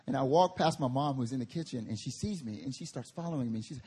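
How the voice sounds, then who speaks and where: A male pastor preaching a sermon at a church service, telling animated stories and laughing through them. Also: mid-range voice, fast, hardly any pauses.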